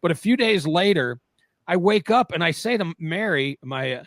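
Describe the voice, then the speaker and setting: A middle-aged man from New Jersey with a fairly high voice, chatting casually on the radio. He tells long rambling stories, breaking off and restarting, recorded close and dry. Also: lively intonation, normal speed, fairly bright tone, no echo. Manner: rambling storyteller, self-interrupting.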